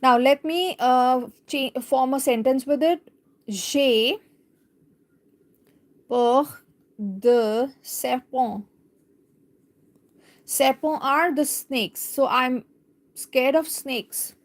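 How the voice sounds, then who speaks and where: A woman teaching a live beginner French lesson, reading a picture book aloud and explaining each line slowly and carefully. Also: high voice.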